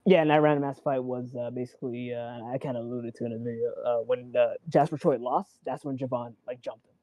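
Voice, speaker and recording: A man in casual chat about wrestling, rambling and excitable, acting out quotes and swearing. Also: medium pitch, a little fast, dry recording, dull audio. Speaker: wrestling show co-host.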